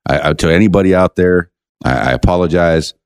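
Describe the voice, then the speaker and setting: A man's voice: deep voice, fairly quick, smooth. A man hosting a casual podcast interview, chatty and jokey, often repeating words as he goes. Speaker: podcast host.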